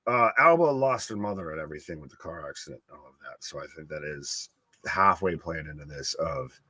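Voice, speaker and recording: A man co-hosting a live wrestling watch-along, excitable, swearing freely and repeating himself for emphasis. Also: a bass voice, brisk, breathy edge, dry recording, clean studio sound. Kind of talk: live alternative commentary chat.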